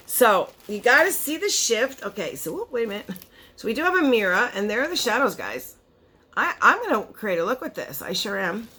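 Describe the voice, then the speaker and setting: This is a bright, animated woman in her forties, a chatty beauty vlogger showing makeup to her viewers. Her pitch swings freely as she gasps, laughs and drifts into little asides, and her voice sits a touch high and sharp for a woman. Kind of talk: casual unboxing vlog.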